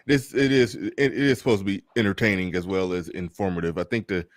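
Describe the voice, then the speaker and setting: A man's voice: low voice, fairly even intonation, no room sound, clean studio sound. Laid-back man hosting a live stream. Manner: laid-back, drawling, halting.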